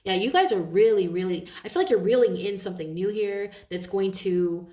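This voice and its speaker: A woman reads tarot for her viewers in an earnest, heartfelt way, circling back and restarting her phrases as she goes. Her voice sits at an ordinary middle pitch. The sound is roomy and echoey, with the mic set back some distance from her. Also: animated, a little fast, warm tone. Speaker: tarot reader. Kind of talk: tarot reading monologue to viewers.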